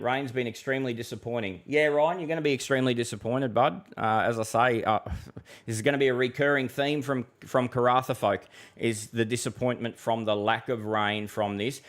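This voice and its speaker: An Australian man hosting a live weather stream, reading out viewers' questions and answering in a blunt, casual way, calling people mate and bud. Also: medium pitch. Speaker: weather forecaster host.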